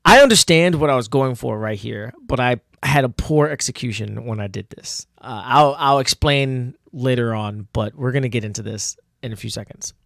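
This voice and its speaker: A man's voice: medium pitch, moderate pace, gravelly, few pauses, a bit bright, no room sound, studio quality. A man casually commenting on his own old comic, self-mocking and full of fillers. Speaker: comic artist and channel host.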